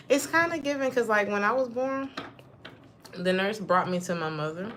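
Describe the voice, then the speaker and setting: Lively, slangy young woman reading tarot. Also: moderate pace, a little hiss or hum. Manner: animated storyteller who breaks into high laughing outbursts; slangy and digressive. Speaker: tarot reader. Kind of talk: casual livestream tarot chat.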